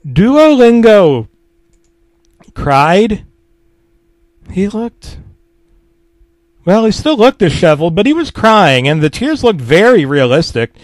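A man's voice: sits high, big pitch swings, a little slow, pauses often, no echo. A man reading a comedic creepypasta in a mock-serious, self-deprecating tone, swearing freely. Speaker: narrator.

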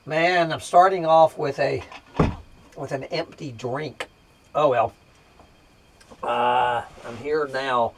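A man talks casually and slowly to his viewers, full of fillers and restarts. His pitch sits in an ordinary middle range. When his computer acts up, he breaks into profane, exasperated outbursts. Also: fairly even intonation, background noise. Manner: drawling, hesitant with many fillers. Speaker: vlog host. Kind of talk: casual rant to camera.

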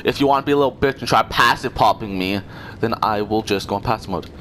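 A man's voice: fairly low pitch, fast, fairly bright tone, slight background noise. A young man trash-talking other players in online game voice chat, sarcastic, mocking and swearing. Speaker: gamer.

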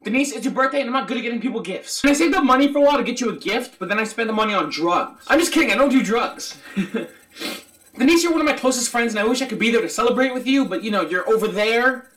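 Quick, high-voiced young man joking. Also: lively intonation, fairly bright tone. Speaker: vlogger sending a birthday message. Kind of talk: joking casual webcam message. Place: his bedroom. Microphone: webcam tilted down.

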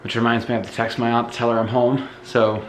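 A man with a mid-range voice and a Northeastern US accent talks fast and casually, vlogging as he moves from room to room in his house. He sounds tired and rambles with fillers, his lungs congested and an occasional cough breaking through. The low-quality recording carries a little hiss or hum.

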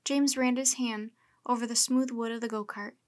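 A woman reading a children's book aloud in a steady, clear storytelling manner. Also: a little high, moderate pace.

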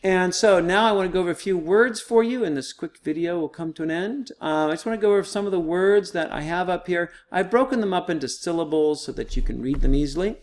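A man's voice: sits high, fast, hardly any pauses. A man teaching a recorded online lesson, explaining step by step in a casual, patient way with frequent fillers.

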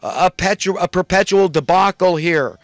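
A man's voice: sits high, moderate pace, no echo, clean studio sound, lightly acted. A man putting on the voice of a pompous, self-righteous male politician to mock him. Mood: mocking haughty. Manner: mocking, haughty, raised voice.

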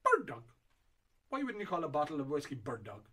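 A middle-aged man chats loosely through a run of auction lots, circling back on himself with ums and uhs. His voice sits a little higher than most men's. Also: big pitch swings, fast. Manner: rambling and chatty with many fillers. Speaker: whiskey auction host. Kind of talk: casual chat previewing auction lots.

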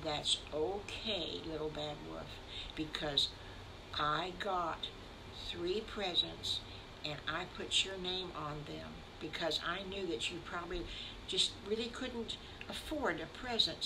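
An older woman voicing a kind, gentle mother pig in a storybook tale, speaking softly and soothingly. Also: mid-range voice, big pitch swings, slow pace, background noise. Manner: soft, soothing.

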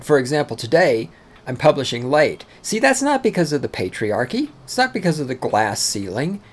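A man from Texas, hosting a solo podcast from home, ranting angrily and with plenty of swearing and sarcastic asides. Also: mid-range voice. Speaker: podcast host. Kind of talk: profane solo podcast rant.

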